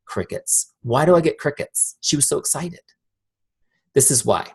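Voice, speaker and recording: A man giving a live sales training talk in a direct, energetic way, often asking the audience questions. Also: fairly high pitch, moderate pace, creaky, slightly rough.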